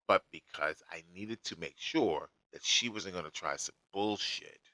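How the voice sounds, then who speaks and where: A man's voice: low voice, sharp tone, no echo, rough recording. A man telling a personal story in a blunt, emphatic way, going through events step by step.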